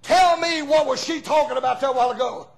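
A man's voice: very high voice, fast, vocal fry, pitched above the performer's own voice. A man voicing a stern older plantation owner who barks orders, told in a sermon story. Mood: commanding.

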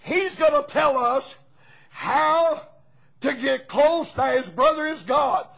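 High, gravelly preacher man. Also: takes it slowly, rough recording. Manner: fervent preaching, bursts into shouts, asks congregation for amens. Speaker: pastor. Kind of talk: sermon.

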